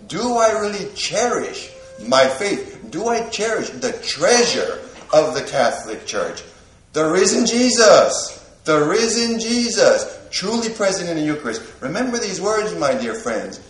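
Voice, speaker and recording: A man's voice: high voice, very animated, measured pace. Earnest, echoey preaching man. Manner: earnest preaching with repeated "my dear friends" and rhetorical questions. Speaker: priest and hospital chaplain. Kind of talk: sermon.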